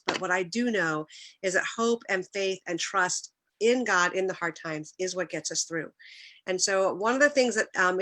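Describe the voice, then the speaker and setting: A woman's voice: mid-range voice, pushed and bright. A middle-aged woman giving an earnest, personal faith talk, telling stories and sometimes growing emotional. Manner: earnest, emotional, occasional restarts. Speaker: speaker at a church talk.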